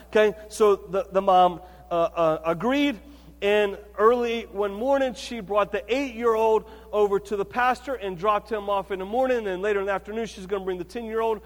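A pastor delivers a sermon in a chatty, storytelling manner and keeps checking in with his congregation. His voice sits high for a man. The sound carries a long reverb, as in a church sanctuary. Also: moderate pace. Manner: conversational, storytelling, frequent "okay" and "right".

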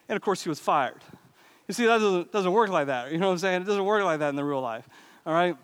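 A pastor with a high-pitched, fairly quick, somewhat bright and smooth voice preaches a sermon in a church sanctuary. His delivery is casual and conversational, full of asides and laughter, and the hall is reverberant.

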